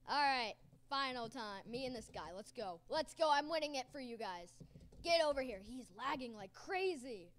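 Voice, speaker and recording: A woman hosting a gaming channel, giving excited gameplay commentary and yelling, raging and cheering at the game. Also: high voice.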